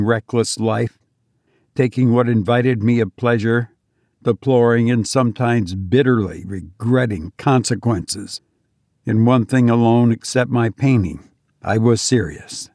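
A man reading a gothic story aloud as a narrator, measured and expressive, dropping quiet for dialogue. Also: medium pitch, dry recording, clean studio sound. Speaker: audiobook narrator.

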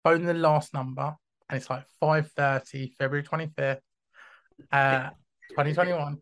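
A man hosting a podcast, telling a story in a casual, animated way, often restarting his sentences and acting out dialogue. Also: fairly high pitch, normal speed. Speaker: podcast host.

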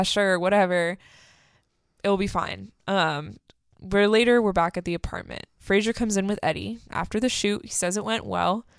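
A woman co-hosting a podcast, casually recapping a sitcom episode, animated and quick to laugh. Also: medium pitch, clear, resonant tone, dry recording, clean studio sound. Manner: animated, laughs often, acts out character quotes. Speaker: podcast co-host.

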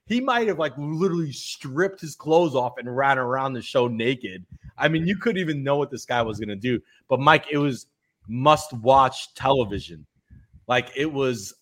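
Animated man with emphatic tag questions. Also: medium pitch. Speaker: co-host of a bowling talk show. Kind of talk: casual sports chat.

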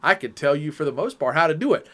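Man, co-host in casual chat, animated teasing storyteller, slightly high voice. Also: fast talker. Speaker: podcast co-host.

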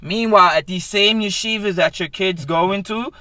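A man's voice: high-pitched, moderate pace, pushed and bright, dry recording. A young man hosting a podcast, telling profane stories animatedly in casual chat. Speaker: podcast host.

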